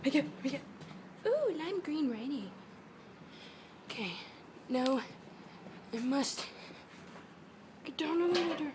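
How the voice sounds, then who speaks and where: A woman's voice: high-pitched, animated, takes it slowly, pauses often, noisy background. A young woman filming inside her house, jittery and often whispering as she coaxes a bird to leave. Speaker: vlogger. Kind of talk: handheld home video narration. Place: inside a house, attic and rooms.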